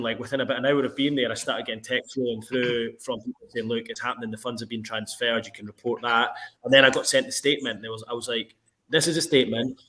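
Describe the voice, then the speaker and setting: A man's voice: mid-range voice, a bit bright. A male football reporter telling a long story in a casual interview and quoting himself as he goes.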